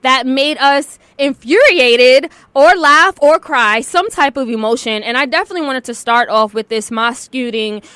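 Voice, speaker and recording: A woman hosting a talk radio show, chatty and quick to laugh, earnest when the news turns serious. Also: high-pitched, fairly bright tone, clean tone, no room sound.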